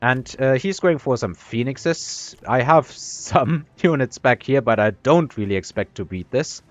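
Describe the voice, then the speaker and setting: A man's voice: medium pitch, lively intonation, measured pace, no echo, lo-fi sound. A man giving rambling, self-deprecating commentary on his own strategy game match, full of fillers and restarts, talking with his mouth full. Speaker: gaming commentator. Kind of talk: casual gameplay commentary.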